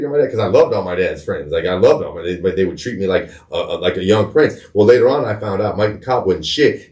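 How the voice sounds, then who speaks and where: A middle-aged man hosting a podcast, telling a personal story in a candid, profane way, often repeating words as he searches for them. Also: fairly low pitch. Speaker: podcast host.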